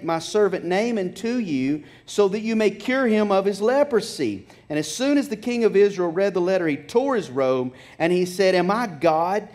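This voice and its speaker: A man with a high-pitched voice preaches in a church. He reads scripture aloud and voices the figures in the story, building in intensity as he drives his point home. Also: darkish tone. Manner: preaching with rising intensity, acting out biblical speech. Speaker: pastor. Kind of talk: sermon.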